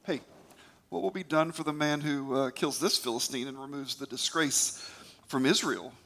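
A man's voice: medium pitch, normal speed, vocal fry, pushed and bright. A man voicing an eager young shepherd boy who speaks with bold confidence before a king and a giant. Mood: pestering.

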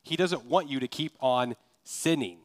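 In a measured, conversational sermon, a male pastor from Kansas, USA, talks to his congregation as though chatting with them, peppering it with rhetorical questions. His pitch is an ordinary middle one.

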